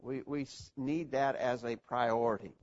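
A man's voice: mid-range voice, fairly even intonation, unhurried, darkish tone. A man teaching an evening Bible lesson to a church, earnest and repeating key phrases for emphasis. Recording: dull lo-fi recording.

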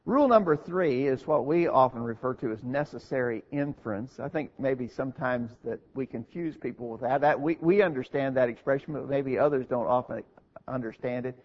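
Husky man preaching a sermon. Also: medium pitch, a little fast. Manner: earnest, explanatory, asks and answers his own questions. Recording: dull lo-fi recording.

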